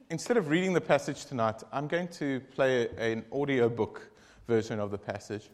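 A man leading a group devotion, telling a long joke in a casual, rambling, animated way with many asides. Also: medium pitch, moderate pace, hardly any pauses.

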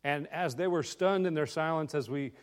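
A middle-aged man speaks to a gathered congregation as a visiting speaker, telling a personal family story. His delivery is loose and conversational, sprinkled with ums and restarts. He turns often to the audience with direct questions and pokes gentle fun at himself. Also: a little high, moderate pace, clear, resonant tone. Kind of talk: storytelling talk to a live audience.

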